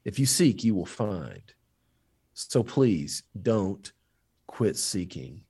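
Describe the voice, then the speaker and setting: A man who teaches history, telling faith stories in an interview with lively, animated delivery. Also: slow, husky. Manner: animated storyteller, rising pitch when quoting others. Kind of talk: storytelling in a faith podcast interview.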